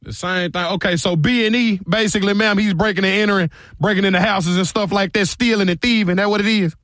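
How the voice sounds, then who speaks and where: Man, fake cop on a prank call, teasing drawl, high voice, dry sound. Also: steady tone, fast talker, fairly bright tone, no echo. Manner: mock-serious, drawling, teasing. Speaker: radio prankster posing as a police officer.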